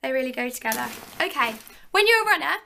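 Bright, gravelly-voiced young woman vlogging. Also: high-pitched, expressive, fast, a little hiss or hum. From England. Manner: chatty, lots of fillers, addresses viewers. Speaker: fitness vlogger, personal trainer. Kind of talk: casual show-and-tell vlog.

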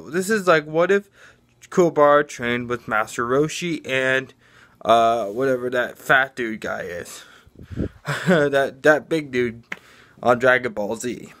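A man with a somewhat high speaking voice tells a fan story off the cuff. He rambles, restarts sentences and leans on fillers as he goes. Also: fairly bright tone. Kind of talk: casual improvised fan storytelling.

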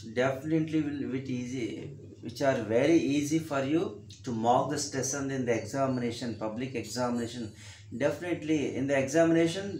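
A man's voice: fairly high pitch, a little mellow, roomy sound, slight background noise. A man with a Telugu accent giving a classroom grammar lesson, repeating himself and spelling words out letter by letter. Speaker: teacher.

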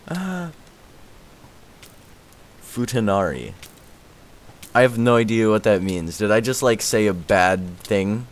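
A young man chatting casually on a live game stream, excitable and laughing often, his voice worn out. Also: on the low side, takes it slowly, pauses often. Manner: excitable, laughs often, yelps and shouts when startled.

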